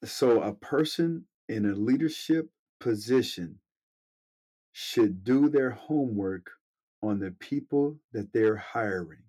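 A man's voice: fairly low pitch, expressive, slow pace, warm tone, husky, poor audio. A man hosting an interview, giving short affirmations and reflective follow-up questions. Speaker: host. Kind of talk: interview chat.

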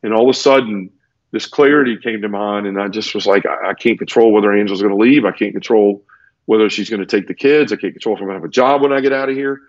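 A man speaks in a fairly low voice as an interview guest, earnest and close to tears, stumbling through restarts and repeated words. The sound is dull and lo-fi, with a dry, close feel and no room echo. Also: fast. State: teary. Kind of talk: emotional personal storytelling in conversation.

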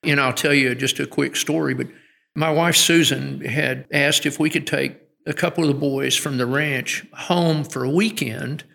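A man's voice: on the high side, fairly even intonation, moderate pace, gravelly, pushed and bright. A middle-aged man speaking as a guest educator in an interview, an earnest storyteller who often restarts his sentences. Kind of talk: conversational interview. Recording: long hall reverb.

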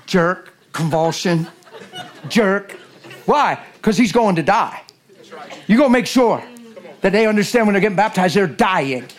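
A man preaching a sermon in a church, animated and jokey, swinging from loud bursts to hushed lines. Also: high-pitched, moderate pace. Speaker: guest preacher.

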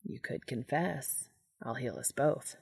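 A woman voicing an ancient, calm, gently amused male angel in a fan fiction audiobook, speaking low, soft and unhurried. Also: gravelly, husky, no echo, studio quality, heavily acted.

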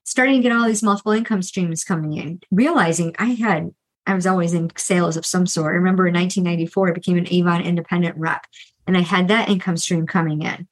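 A middle-aged woman and financial coach, talking candidly and earnestly about her own past with debt, restarting often and tossing in quick asides. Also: on the low side, fairly even intonation, poor audio. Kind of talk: candid solo podcast monologue.

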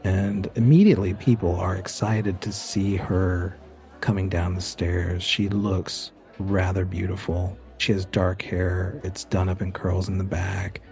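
A man narrating as game master in a tabletop role-playing game, in a relaxed descriptive manner. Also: low voice, unhurried, soft background music.

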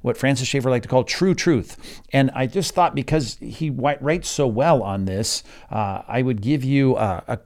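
Man teaching Bible study, steady mid voice. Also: medium pitch, moderate pace. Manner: conversational, with frequent fillers and emphatic stresses. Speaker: pastor leading Bible study.

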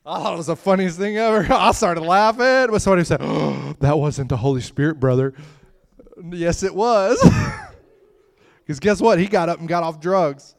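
A middle-aged man preaching a sermon in a conversational, storytelling way, with laughing asides and swings from loud bursts to hushed remarks. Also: high voice, moderate pace.

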